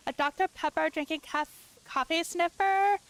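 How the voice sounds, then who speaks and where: A woman putting on a sneering Texan man with a shrill drawl. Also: normal speed, a bit bright, dry recording. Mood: scornful. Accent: Texas Southern drawl.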